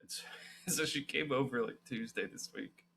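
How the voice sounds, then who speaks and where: A man's voice: mid-range voice, normal speed, gravelly, a bit bright. A young man co-hosting a podcast, chatting casually, rambling with lots of fillers and swearing. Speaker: podcast co-host. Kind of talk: casual chat.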